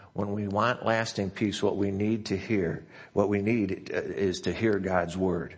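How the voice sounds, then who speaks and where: A pastor preaching a sermon, slowing down and softening as he reads scripture quotes. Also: lowish voice, breathy edge. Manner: reads scripture quotes slowly and softly, asks if he talks too fast.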